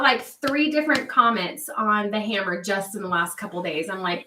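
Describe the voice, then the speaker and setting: A woman's voice: medium pitch, fairly even intonation, normal speed, hardly any pauses, sharp tone, recorded from a distance, slight background noise. A woman hosting a casual livestream, chatting with viewers and answering their comments by name. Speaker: livestream host. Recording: echoey room, voice a bit off-mic.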